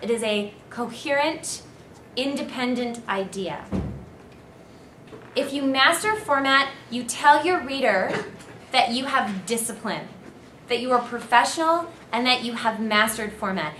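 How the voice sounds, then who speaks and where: A woman's voice: a little high, fairly bright tone. Woman lecturing in an echoey room. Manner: clear, instructive, emphatic. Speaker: university English lecturer. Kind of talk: recorded seminar lecture. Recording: echoey room, faint noise.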